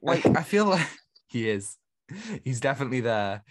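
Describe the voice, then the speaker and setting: A man co-hosting a film podcast, giving his opinions in relaxed, thoughtful chat. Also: mid-range voice, moderate pace. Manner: opinionated, thoughtful, lots of "I feel like". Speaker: podcast co-host. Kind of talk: casual film review chat.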